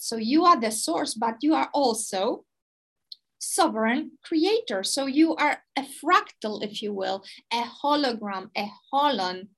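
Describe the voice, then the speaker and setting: High-voiced woman teaching spirituality. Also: rough recording. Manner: emphatic, expressive, drawn-out stresses. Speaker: podcast host, spiritual teacher.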